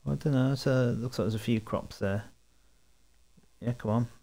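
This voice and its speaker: A man's voice: medium pitch, moderate pace, creaky, mellow, poor audio. A man streaming a video game, making chatty, joking commentary between reading lines. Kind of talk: casual gameplay commentary.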